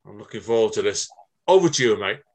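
A man's voice: lowish voice, animated, quick pace, a little mellow. A man hosting a podcast in chummy, casual chat, often calling his guest mate. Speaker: podcast host.

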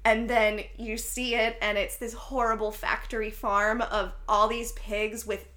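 A woman's voice: a little high, flat delivery, unhurried, pushed and bright. A woman co-hosting a casual film podcast, talking effusively and enthusiastically. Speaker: podcast co-host. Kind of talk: casual chat about films.

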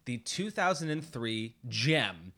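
A man co-hosts a casual podcast chat, joking and ribbing his partner as they talk. His pitch sits in an ordinary middle range, and it swings widely and lively across each sentence. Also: takes it slowly, a loud crowd. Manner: teasing, joking banter. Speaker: podcast co-host.

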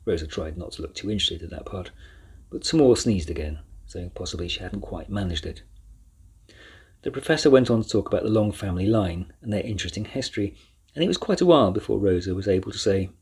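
Man, storybook narrator, very husky voice, low pitch, measured reading. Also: lively intonation, darkish tone. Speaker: audiobook narrator.

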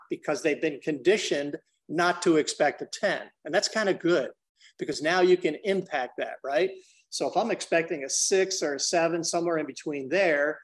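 A man as a podcast guest, explaining business ideas energetically and acting out little dialogues. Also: fairly high pitch. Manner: energetic, acts out dialogues in different voices; addresses the host by name often. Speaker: business consultant and trainer.

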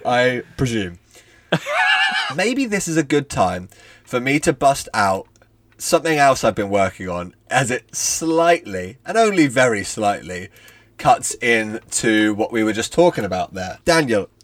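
A man's voice: medium pitch, wildly swooping pitch, a little slow, fairly bright tone, no room sound. A man co-hosting a podcast with a mid-range voice, trading dry, playful remarks. He reads aloud with mock-dramatic flair. The sound is very dry and close. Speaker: podcast co-host. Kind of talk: casual chat and reading aloud.

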